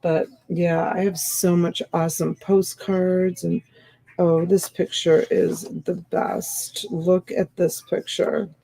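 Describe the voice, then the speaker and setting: A woman's voice: lowish voice, little pitch movement, slow pace, creaky, mellow, low-quality recording. A woman hosting a live-stream sale, chatting casually and rambling as she comments, sleepy and yawning.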